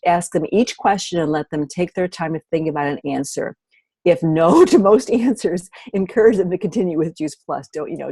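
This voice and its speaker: An older woman giving an enthusiastic training talk at a team meeting, animated and excitable, with sudden jumps in pitch. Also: husky, no echo.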